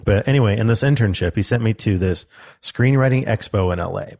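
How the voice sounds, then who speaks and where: A man's voice: lowish voice, a little fast, gravelly. A young man in casual chat, telling a story about a seminar he went to. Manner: storytelling, quoting a loud instructor in his telling.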